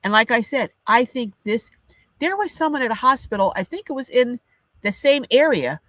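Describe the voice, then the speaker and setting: A woman's voice: on the high side, animated, moderate pace, fairly bright tone, no echo. An older woman hosting a live chat, ranting with indignation and reading out viewer comments. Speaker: livestream host. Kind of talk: casual livestream chat.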